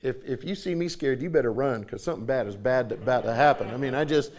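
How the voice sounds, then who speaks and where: A man in his forties preaches a sermon in a medium-pitched voice, speaking fast. His storytelling is folksy and animated, and he often repeats himself for emphasis.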